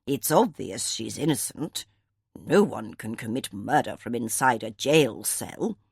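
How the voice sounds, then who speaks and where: Woman reading imperious old grandmother, audiobook, haughty, low voice, dry. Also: expressive, unhurried, gravelly, darkish tone, slightly rough, no room sound, heavily acted. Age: older. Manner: haughty, clipped, formal. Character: proud elderly grandmother, imperious.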